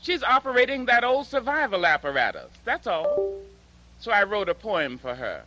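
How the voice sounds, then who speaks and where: A woman giving a slow, dramatic public speech and reciting poetry with emphatic delivery. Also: medium pitch, very animated, bright, forceful tone, dull audio. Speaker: public speaker and poet.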